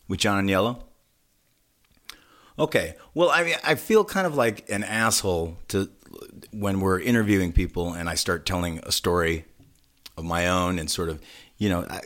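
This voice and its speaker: Low-voiced man telling a rambling story. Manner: animated, rambling, self-deprecating. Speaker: podcast co-host. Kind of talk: casual storytelling.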